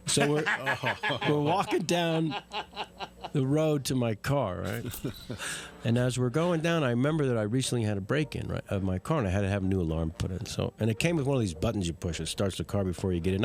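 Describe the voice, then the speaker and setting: Brief: male storyteller, gravelly, lively pitch swings. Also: fairly quick. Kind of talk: comic anecdote on a talk show.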